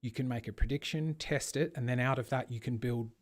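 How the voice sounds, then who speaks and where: A man's voice: medium pitch, a little fast. A man hosting a casual online debate, arguing in long, rambling runs of rhetorical questions. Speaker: host of an online discussion.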